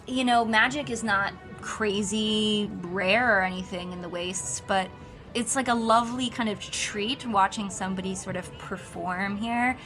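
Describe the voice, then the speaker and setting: A woman's voice: mid-range voice, a bit bright. A woman game master describes the market scene in loose, chatty narration full of fillers. Faint background music plays under her voice. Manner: chatty, many fillers and restarts.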